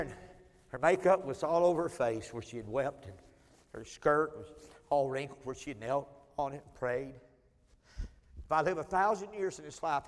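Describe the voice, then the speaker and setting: A male preacher with a drawl tells his testimony in a folksy, storytelling way. His voice sits high for a man, and his volume rises and falls sharply. The sound carries a long reverb from a large hall. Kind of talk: sermon storytelling.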